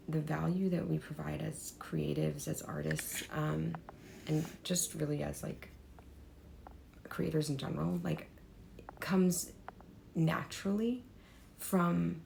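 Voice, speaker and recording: A young woman talks to camera in a hoarse, badly worn voice, her low tone cracking into heavy fry and sometimes fading to a whisper. She rambles loosely with many fillers, over a faint hiss of background noise. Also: darkish tone. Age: young adult. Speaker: artist vlogger. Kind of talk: unscripted talk to camera.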